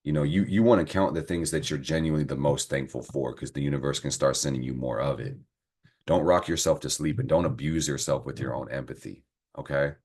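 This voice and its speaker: A man's voice: a bass voice, brisk, slightly rough. A man giving a casual astrology and tarot reading to camera, talking in a slangy, profane, encouraging way. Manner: slangy, profane, animated pep talk.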